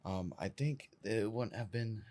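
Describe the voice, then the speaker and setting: A man, an event organizer guest in a casual interview, talking haltingly and searching for words. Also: fairly low pitch, darkish tone.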